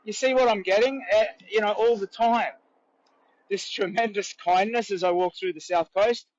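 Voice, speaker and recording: A man's voice: sits high, moderate pace, dull audio, slight background noise. An Australian man livestreaming from a roadside on a long charity walk, rambling earnestly and chatting with passers-by. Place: outdoors by a road.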